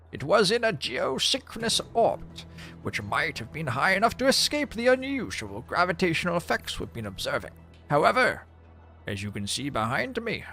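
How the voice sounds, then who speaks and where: A man plays a brisk military major in a sci-fi game, briefing volunteers in a clipped, commanding tone. The voice runs a little high, with lively pitch and a gravelly rasp. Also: heavily acted. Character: brisk male military major giving orders.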